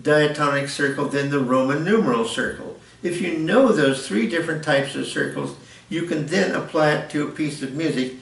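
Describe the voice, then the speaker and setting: Gravelly and a little high, this older music teacher's voice moves at normal speed as he rambles through an informal lesson, correcting himself along the way. The audio comes from an echoey room with a distant mic.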